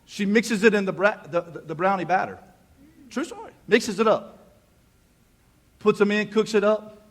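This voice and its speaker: A male pastor in his thirties delivers a sermon in a chatty, folksy way, full of self-deprecating asides. His voice sits slightly high for a man and has a husky, raspy grain. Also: animated, normal speed. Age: 30s. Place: church.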